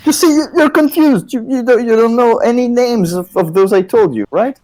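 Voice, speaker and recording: A man's voice: extremely high pitch, normal speed, a little mellow, rough recording. A man voicing a shady agent from the underworld who bluffs in a cocky, evasive way.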